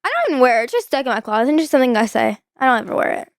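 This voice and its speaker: A woman's voice: high-pitched, big pitch swings, rapid-fire, no echo, studio quality. A teenage girl co-hosting a family podcast, chatty and giggly. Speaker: co-host, daughter. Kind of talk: casual family podcast chat.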